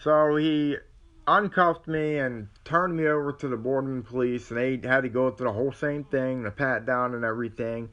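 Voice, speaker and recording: A man's voice: mid-range voice, fairly even intonation, normal speed, a bit bright, muffled recording. A man, telling a personal story to camera in a rambling way, acting out what others said. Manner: rambling, with many restarts and quoted dialogue. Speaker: vlogger.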